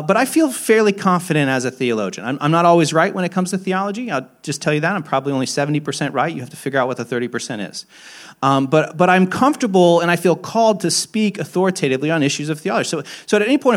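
A pastor in his young adult years preaches by telling candid anecdotes at his own expense. He restarts his phrasing often, and his voice climbs into emphatic moments before dropping to quiet, low asides.

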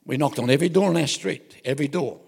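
A man's voice: a little high, fast talker, vocal fry, a little mellow, slightly rough, big-room sound. An older man with an Australian accent preaching a folksy, joking, anecdotal sermon, often breaking off mid-thought. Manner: folksy and joking, with self-interruptions.

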